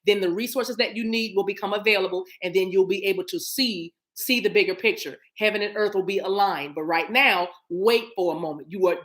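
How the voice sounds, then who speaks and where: A middle-aged woman giving a casual spiritual card reading to viewers, animated and encouraging, acting out little scenes with sounds. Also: mid-range voice. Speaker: spiritual reader.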